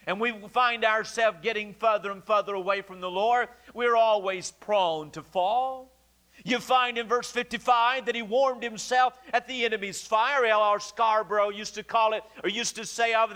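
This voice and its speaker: Bright-voiced man preaching a sermon. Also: high voice. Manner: preaching with dramatic quoted voices and emphatic pauses. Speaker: pastor. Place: church sanctuary.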